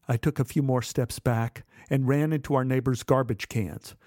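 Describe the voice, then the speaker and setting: A man telling a first-person memoir story in a measured, dramatic way. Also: mid-range voice, fairly even intonation, a little mellow, dry recording, studio quality. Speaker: narrator.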